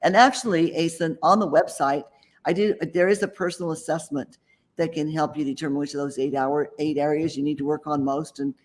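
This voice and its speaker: A man's voice: fairly high pitch, steady tone, a little fast. A man guest who writes books and mentors people, talking casually and confidently in an interview, rambling a little with restarts. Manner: chatty, self-assured, rambling with restarts.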